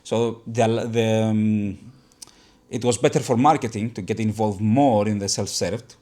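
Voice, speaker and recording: Low-voiced man hosting a business chat. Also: fairly even intonation, dark tone. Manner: thoughtful, halting restarts. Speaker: podcast host. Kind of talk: casual business conversation.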